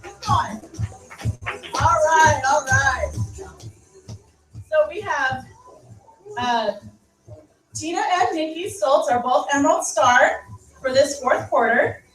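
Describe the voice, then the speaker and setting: A woman's voice: high voice, slow, long pauses, fairly bright tone. A woman leading a team meeting, upbeat and cheering the group on. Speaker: meeting leader. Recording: roomy far-off mic with music behind.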